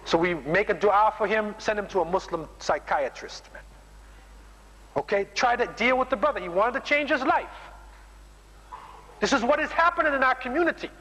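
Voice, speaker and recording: Emphatic male preacher, bright forceful tone, reverberant hall. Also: sits high, expressive, moderate pace. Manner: emphatic, keeps tagging sentences with "man". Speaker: Muslim preacher. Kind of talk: sermon.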